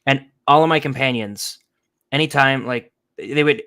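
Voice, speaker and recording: A man's voice: medium pitch, moderate pace. A young man co-hosting a casual podcast, ranting and acting out the people in his stories. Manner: animated storytelling, acts out quoted people. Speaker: podcast co-host.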